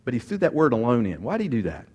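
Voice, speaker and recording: A man preaching a sermon and teaching from scripture, swinging from loud emphatic bursts to quiet asides and acting out quoted speech. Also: mid-range voice, racing, slightly rough. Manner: animated, rises loud for emphasis, then drops quiet; acts out quoted speech, repeats words. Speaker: pastor.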